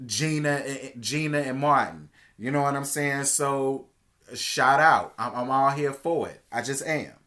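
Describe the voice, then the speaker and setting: A man giving a casual, sassy TV episode recap, chatty and expressive, calling his viewers "girl.". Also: mid-range voice, a little slow. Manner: expressive, swings between hushed asides and loud exclamations. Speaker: TV show reviewer.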